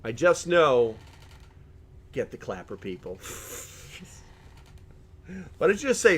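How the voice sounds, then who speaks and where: A man's voice: mid-range voice, very animated, slow, pauses often, a bit bright, husky. A middle-aged man hosting a live stream in casual chat, joking as he reads viewer comments aloud and often laughing.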